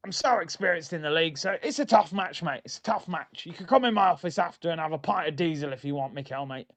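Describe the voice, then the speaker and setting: A man's voice: fairly high pitch, expressive, fast. A man putting on the voice of a blunt, boastful northern football manager who keeps saying mate. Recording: dull lo-fi audio.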